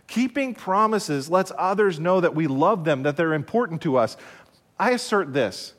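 A male pastor delivers a broadcast sermon in a high, clear voice. He speaks deliberately, repeats his key phrases, and poses rhetorical questions. A long hall reverb trails his words. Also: expressive.

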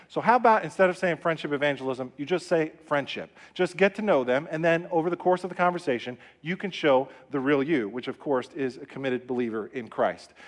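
A middle-aged man preaching a sermon as pastor, emphatic and repetitive, leading the congregation to say lines back. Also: a little high. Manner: emphatic, repetitive, call-and-response. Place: church sanctuary.

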